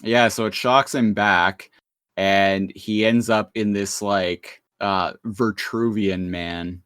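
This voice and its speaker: A man's voice: on the low side, steady tone, slow, fairly bright tone, clear, resonant tone, dry recording, clean studio sound. A man co-hosting a podcast, recapping an episode in casual, rambling chat. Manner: rambling, laughing, restarts sentences. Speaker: podcast co-host.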